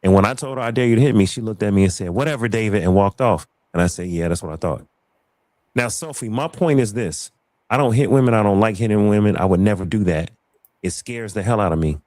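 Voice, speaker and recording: A man's voice: fairly low pitch, quick pace, a little mellow, no echo. A man hosting a casual live talk show, telling a personal story with animation and repeating phrases for emphasis. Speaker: livestream show host. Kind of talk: casual chat.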